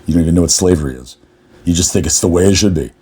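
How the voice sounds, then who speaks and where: Brief: man, low husky voice, furious swearing monologue to camera. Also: rapid-fire, warm tone. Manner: furious, confrontational, swears constantly. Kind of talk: angry profane rant.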